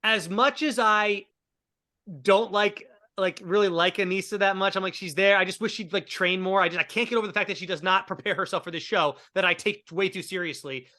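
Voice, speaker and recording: Casual male host, bright edgy tone, stammery restarts. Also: sits high, a little fast. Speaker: podcast host. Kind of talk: casual chat.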